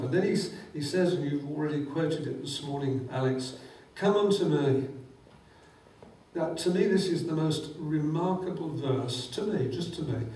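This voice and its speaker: A man's voice: fairly high pitch, a little mellow, slight background noise. A man preaching a sermon, fervent and quoting scripture with rising emphasis. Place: church hall. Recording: echoey church hall, mic at a distance.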